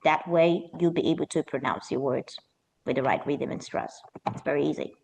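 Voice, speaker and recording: A woman leads a pronunciation lesson as an accent coach. She speaks with lively energy and stretches key words out slowly to stress them. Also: sits low, gravelly, slight background noise. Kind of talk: teaching an online pronunciation lesson.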